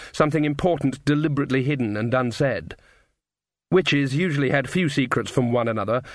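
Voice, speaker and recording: A man narrating a fantasy novel with wry, measured storytelling. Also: mid-range voice, no echo, clean studio sound. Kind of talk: audiobook narration.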